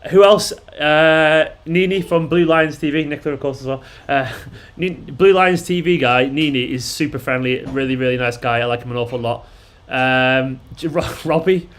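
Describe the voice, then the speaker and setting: A man's voice: fairly high pitch, fairly bright tone. A man hosting a fan live stream, chatting casually and bluntly, swearing and rambling with lots of fillers. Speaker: fan channel host.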